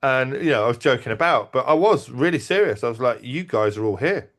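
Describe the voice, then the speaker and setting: A man telling stories in casual talk, animated, acting out quotes and restarting his sentences. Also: mid-range voice, brisk. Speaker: event organizer and podcast guest. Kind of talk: casual conversational storytelling.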